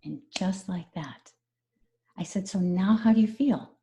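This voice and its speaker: A woman's voice: medium pitch, measured pace, dark tone. A woman stress management coach explaining her methods earnestly in a conversational interview, repeating key phrases.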